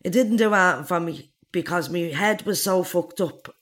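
A woman's voice: lowish voice, normal speed. A woman in her forties with an Irish accent, bluntly telling her own life story in an interview and swearing freely. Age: 40s. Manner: blunt, swears freely, acts out others' lines.

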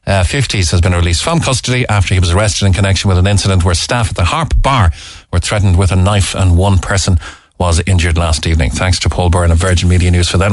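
Brief: man, radio host, low voice, quick dry studio delivery. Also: no echo. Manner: quick, joking, leads the caller on. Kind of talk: casual phone-in chat.

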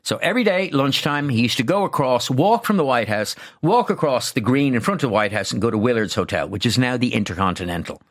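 A man, a travel journalist chatting on radio, telling lively stories with lots of restarts and asides. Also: medium pitch, quick pace, hardly any pauses. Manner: enthusiastic storyteller, chatty with many restarts. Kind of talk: casual radio chat.

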